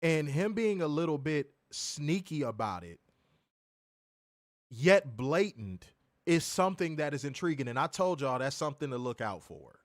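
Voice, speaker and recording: Casual profane male podcast co-host, lively up-and-down delivery, dry close mic, joking and teasing. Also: a little high, moderate pace, dry recording. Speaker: wrestling show co-host.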